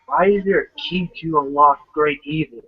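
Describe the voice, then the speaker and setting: Player: man, higher voice, drawn-out hesitant speech, muffled sound. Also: husky. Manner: slow, hesitant questions. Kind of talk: tabletop game play. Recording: dull lo-fi recording.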